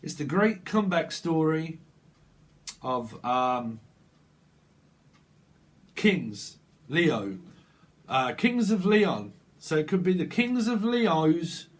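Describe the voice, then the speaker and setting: A man's voice: fairly high pitch, big pitch swings, takes it slowly, long pauses. A man giving a casual, improvised tarot reading. He rambles playfully, chuckling and riffing on wordplay. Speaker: tarot reader.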